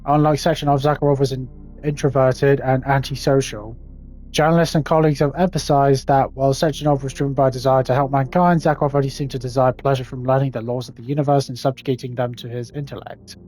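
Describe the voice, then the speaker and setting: A man's voice: mid-range voice, a little mellow. A young man reading in-game text aloud, stumbling over long words and adding sarcastic, sweary asides. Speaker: gaming YouTuber.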